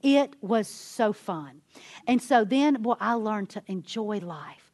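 A woman giving a sermon-style testimony, an animated storyteller who acts out the quotes she tells. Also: mid-range voice, takes it slowly, dry recording. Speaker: women's ministry speaker.

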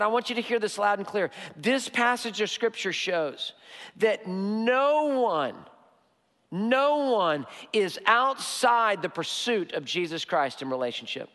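A high-pitched male pastor delivers an emphatic sermon, repeating his key words and drawing them out for weight. His voice rings with the long reverb of a church hall. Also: sharp tone. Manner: emphatic, repeats key phrases, slows for stress. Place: church sanctuary.

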